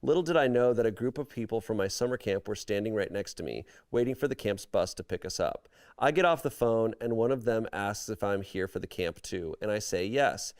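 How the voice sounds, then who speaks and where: Smooth-voiced man reading posts aloud. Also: on the low side, expressive, fairly quick, hardly any pauses. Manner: wry, amused commentary between read passages. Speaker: podcast host reading online stories aloud. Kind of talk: casual comedic podcast chat and reading aloud.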